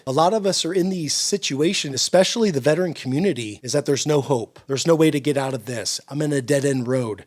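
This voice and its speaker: A man's voice: medium pitch, darkish tone. A middle-aged man giving an earnest sermon-style encouragement talk, repeating his points with emphasis. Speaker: Christian encouragement speaker.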